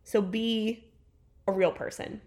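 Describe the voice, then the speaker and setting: A woman's voice: mid-range voice, fairly even intonation, takes it slowly, a little mellow. A woman podcast co-host on a video call, reading a review aloud in a casual chat, stumbling and restarting over words and laughing easily.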